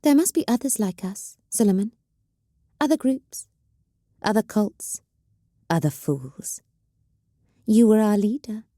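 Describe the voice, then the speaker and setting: A woman's voice: mid-range voice, big pitch swings, slow, long pauses, no room sound, studio quality, pitched above the performer's own voice. A woman voicing a bitter, volatile young female psyker cultist who hisses and snarls in anger. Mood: bitter, menacing. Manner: hissing, snarling, shouting in anger.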